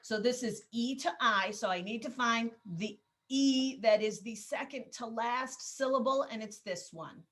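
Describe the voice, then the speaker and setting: A woman teaching a Spanish class over a video call, explaining grammar rules patiently step by step and gently calling on students. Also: a little high, a little slow, few pauses. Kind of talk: online class instruction.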